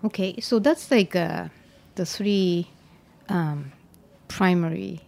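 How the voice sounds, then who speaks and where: A woman's voice: fairly low pitch, slow, creaky, a little mellow. A woman hosting a podcast interview, chatty and adding her own notes to the conversation. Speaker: podcast host. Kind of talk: casual interview chat.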